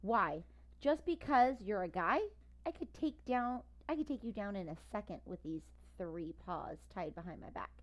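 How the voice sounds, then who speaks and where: A woman voicing a feisty young female dog who bosses her brother around, with sharp, teasing retorts. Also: mid-range voice, lively intonation, normal speed, lo-fi sound, natural voice. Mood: sassy.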